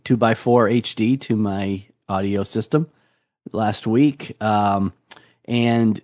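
A man co-hosting a casual podcast, relaxed and a bit hesitant as he explains things. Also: on the low side, slow pace. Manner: relaxed, hesitant, lots of ums and restarts. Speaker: podcast co-host. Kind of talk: casual chat.

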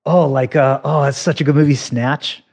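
A man's voice: mid-range voice, fairly even intonation, normal speed, vocal fry, a little mellow, slightly rough. A man appearing as a guest on a podcast in casual chat, rambling and restarting with many fillers.

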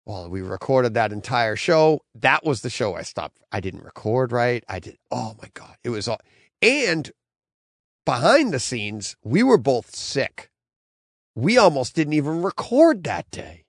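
Gravelly middle-aged man telling a rambling story. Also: mid-range voice, very animated, a little slow, no room sound, studio quality. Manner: rambling storyteller, acts out his own quotes. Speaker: podcast host. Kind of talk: casual podcast chat.

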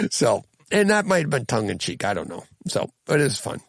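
A man's voice: mid-range voice, big pitch swings, normal speed, vocal fry, dry recording. A man hosting a podcast in casual chat, reading and answering listener comments, rambling and chuckling often as he restarts sentences. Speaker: podcast host.

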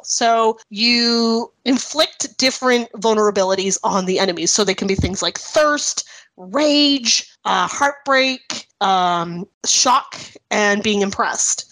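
A woman with a Canadian accent co-hosting a podcast in casual chat, animated and laughing often as she acts out quotes. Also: a little high, measured pace, low-quality recording. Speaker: podcast co-host.

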